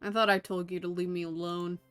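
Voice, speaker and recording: A woman voicing a gruff, grumpy male echidna with a put-on Southern drawl while reading game dialogue aloud. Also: on the low side, flat delivery, a little fast, a bit bright, soft background music, lightly acted. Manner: curt, drawling cowboy talk.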